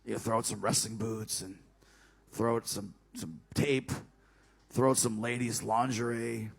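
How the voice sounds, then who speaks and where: A man casually telling a backstage story, animated and profane, acting out the other people's lines. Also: fairly low pitch, a little slow, creaky, breathy edge. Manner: animated and profane, acts out dialogue.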